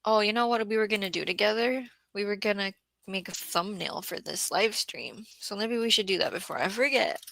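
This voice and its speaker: Woman streamer, gravelly bright voice, tired, casual gardening chat, close dry mic. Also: medium pitch, fairly quick, no echo. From Southeast Florida. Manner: chatty, thinks aloud, frequent throat clearing. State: tired after a bad day. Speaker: gardening livestream host. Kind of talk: casual live-stream chat reading comments.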